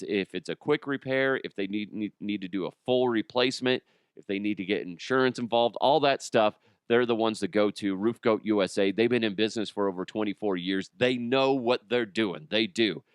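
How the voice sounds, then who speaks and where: A man hosts a comedy podcast in a loose, rambling monologue, cracking jokes as he goes. His voice is smooth and clear, recorded close and dry with no room sound. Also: on the low side, no room sound. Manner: rambling, jokey, slips into impressions. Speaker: podcast host.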